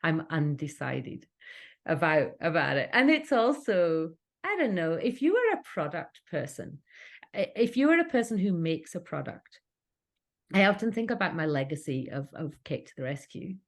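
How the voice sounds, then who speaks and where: A woman's voice: deep voice, very animated, moderate pace. A Scottish woman talking earnestly as a podcast guest about running her business, with frequent restarts. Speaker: cake kit business owner, podcast guest. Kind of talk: casual interview chat.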